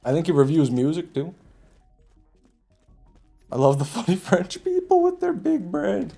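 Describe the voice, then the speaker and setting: A man's voice: high-pitched, huge pitch swings, measured pace, vocal fry, dark tone, faint music behind. A man streaming a video game live, chatting with viewers in a casual, profane, joking way and laughing at his own jokes. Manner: chats with viewers while playing. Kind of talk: casual live gameplay commentary.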